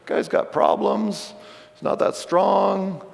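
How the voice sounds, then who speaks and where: A man's voice: sits high, slow, gravelly, pitched above the performer's own voice, full character voice. A man voicing a scornful male critic who jeers at someone in a sermon. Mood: mocking. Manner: sneering, jeering. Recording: long church reverb.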